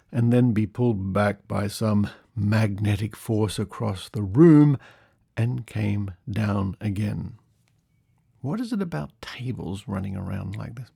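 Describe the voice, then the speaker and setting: A man's voice: on the low side, vocal fry, darkish tone, no room sound, studio quality. Man reading aloud with wry asides. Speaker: podcast host.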